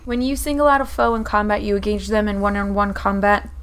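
A woman plays in a tabletop role-playing game, talking casually with the game master. She thinks aloud, checks rules and lays out her moves. Her voice sits at an ordinary pitch for a woman. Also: quick pace. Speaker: player.

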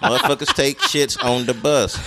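Guest dude cracking jokes, voice swings way up and down, lots of noise behind him. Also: male voice, medium pitch, wildly swooping pitch, normal speed, gravelly. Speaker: podcast guest. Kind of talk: casual chat. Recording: loud background noise.

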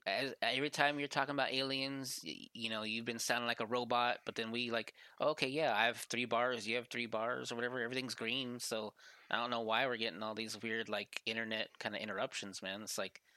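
A man's voice: mid-range voice, flat delivery, a little fast, sharp tone, no room sound. A man telling a spooky story on a podcast over a voice call, rambling and filling his talk with "like". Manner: rambling, heavy use of "like". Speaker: podcast guest. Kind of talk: casual storytelling. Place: remote call over Discord.

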